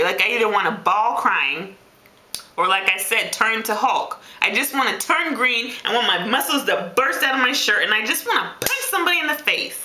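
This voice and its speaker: Animated exasperated woman vlogging. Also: medium pitch, reverberant. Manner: animated, exasperated storytelling with big swings. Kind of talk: casual venting vlog. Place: home room.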